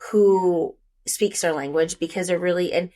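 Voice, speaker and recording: A woman's voice: lowish voice, dark tone. A woman realtor telling work stories in a casual, chatty podcast conversation, from the United States. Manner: chatty, quick asides, storytelling. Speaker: realtor guest.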